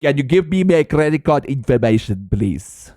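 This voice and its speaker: A man's voice: mid-range voice, big pitch swings, moderate pace, mellow, close to an everyday voice. A man putting on a muddled fake accent to play a mock-polite phone scammer asking for card details.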